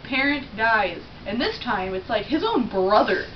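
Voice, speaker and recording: A young woman in a casual chat, animated and giggly, laughing often. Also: fairly high pitch, measured pace. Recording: distant dull lo-fi mic with faint hiss.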